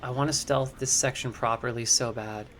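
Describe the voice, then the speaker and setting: A man streaming a video game live, talking his moves through aloud to his chat, and loud and jumpy whenever something startles him. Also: mid-range voice, steady tone, moderate pace, slight background noise. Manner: chatty, thinks aloud to chat. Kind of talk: live gameplay commentary.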